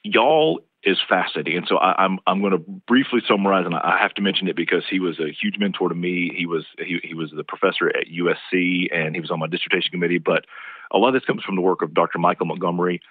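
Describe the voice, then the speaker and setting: A Southern American man with a very low voice, speaking as a professor guest in an interview. He explains patiently in a lecturing way and often restarts his phrases. His voice comes through a tinny, phone-like line with a dry sound. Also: fast, no room sound. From East Tennessee.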